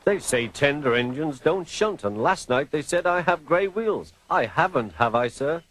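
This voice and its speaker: A man voicing a polite, gentle old male engine in a storybook reading. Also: fairly high pitch, animated, moderate pace, a little hiss or hum, voice pushed up. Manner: polite, mild.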